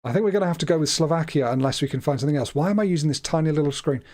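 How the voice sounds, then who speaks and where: This livestream host has a voice on the high side, a little mellow, and talks in rapid-fire bursts. As he commentates a game, he muses aloud in a chatty, hesitant manner and frequently trips over his words.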